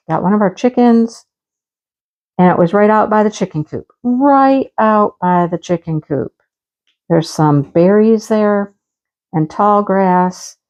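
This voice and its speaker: A woman's voice: on the low side, a little mellow, highs cut off. Chatty woman telling a home story. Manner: chatty storytelling, acts out dialogue. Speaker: crafting channel host. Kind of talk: casual chat. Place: rural home.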